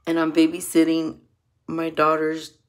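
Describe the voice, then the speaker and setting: Middle-aged woman, lowish voice, profane bilingual vlog rant. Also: monotone, unhurried. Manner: profane, switches between English and Spanish. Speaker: vlogger.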